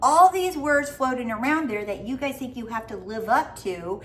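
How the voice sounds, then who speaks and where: A woman's voice: fairly high pitch, moderate pace, a bit bright, slight background noise. A woman life coach giving a casual motivational talk, goofy, blunt and freely swearing.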